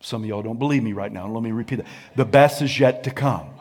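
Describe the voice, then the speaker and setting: A man pastor preaching a sermon in a lively, colloquial way and calling on the congregation to answer back. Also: medium pitch, fast. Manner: energetic, colloquial, calls for audience response.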